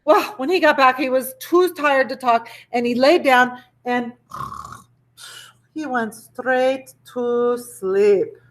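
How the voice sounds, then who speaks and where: A woman teacher reading a picture book aloud to children with expressive, animated storytelling. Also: high-pitched, takes it slowly. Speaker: elementary school teacher.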